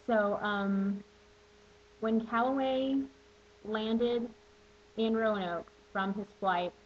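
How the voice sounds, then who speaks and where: A woman's voice: mid-range voice, slight background noise. A young woman in her twenties chatting to camera as she answers viewer questions, bubbly and playful, with plenty of asides. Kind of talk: casual chat to camera. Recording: dull lo-fi webcam audio.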